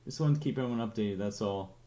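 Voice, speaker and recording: A man's voice: lowish voice, quick pace, warm tone. A man with a New England accent chatting casually to his stream viewers, rambling and joking at his own expense. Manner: rambling, joking, self-deprecating. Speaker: streamer host.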